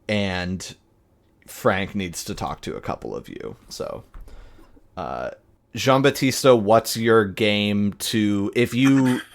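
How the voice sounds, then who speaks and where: A man narrating as game master of a tabletop game, halting, with many fillers and restarts. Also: lowish voice, clear, resonant tone.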